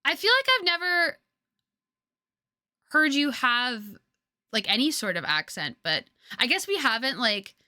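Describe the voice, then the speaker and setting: A woman's voice: high-pitched, big pitch swings, measured pace, long pauses, pushed and bright, no echo, studio quality. A young woman from Canada, a streamer chatting casually with viewers, rambling with lots of fillers and restarts, on a headset mic.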